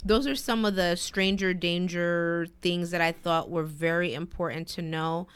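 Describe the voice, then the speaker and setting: Woman, lowish smooth voice, matter-of-fact, casual podcast co-host. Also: steady tone, a little slow. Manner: matter-of-fact, many "mm-hmm" backchannels. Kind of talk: casual advice talk.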